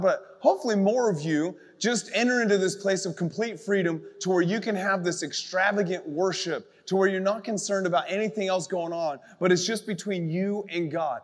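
High-voiced man preaching in a reverberant hall. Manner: animated, conversational preaching with frequent asides. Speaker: youth pastor. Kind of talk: live sermon to a youth congregation.

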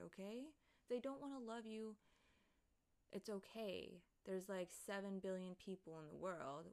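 A young woman with a mid-range voice is livestreaming, rambling casually through the chat as she reads it. She swears a lot and drops laughing asides along the way.

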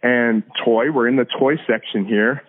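Man telling a lively testimony over a phone-like line. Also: medium pitch, unhurried. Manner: animated, laughs often, repeats words. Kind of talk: casual storytelling testimony. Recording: phone-like narrow band audio.

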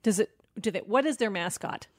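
A woman co-hosting a podcast in casual chat, dropping quick, playful deadpan quips. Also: medium pitch, no echo. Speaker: podcast co-host.

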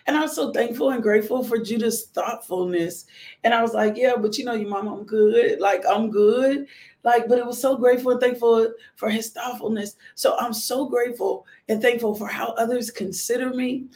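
Gravelly-voiced woman chatting heartfelt on a livestream. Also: fairly high pitch, normal speed, a little mellow. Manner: heartfelt, rambling, repeats herself. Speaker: livestream host, widowed mother. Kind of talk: casual live-stream chat.

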